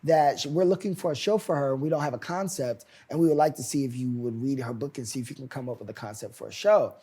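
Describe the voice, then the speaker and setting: An American playwright and showrunner in his twenties tells his story in a relaxed interview, speaking fast with a breathy edge. Animated and expressive, he acts out the people he quotes, jumping far up in pitch and volume for their lines.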